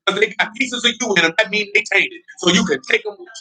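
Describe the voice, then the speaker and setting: Fast and forceful, this high, bright male voice belongs to a preacher giving a fiery sermon. Blunt and confrontational in street talk, he keeps prodding his audience with questions, laughs between points, and repeats "you know what I'm talking about."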